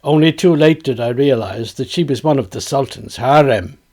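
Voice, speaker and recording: A man's voice: mid-range voice, moderate pace, darkish tone, close to an everyday voice. A man with a Dublin accent voicing a young lord from Dublin, speaking in a formal, rueful, subdued way.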